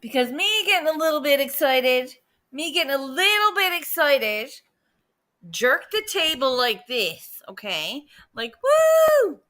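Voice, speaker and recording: A woman hosting a casual livestream, excitable and chatty, jumping from loud exclamations to quiet muttering. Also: high voice, unhurried. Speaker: livestream host.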